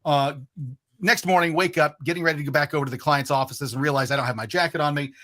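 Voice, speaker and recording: A man's voice: a little high, fairly even intonation, fast, a bit bright. A man who is a podcast guest, telling a long story in casual chat. He swears freely and often stops and restarts his sentences. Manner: rambling, profane, frequent restarts.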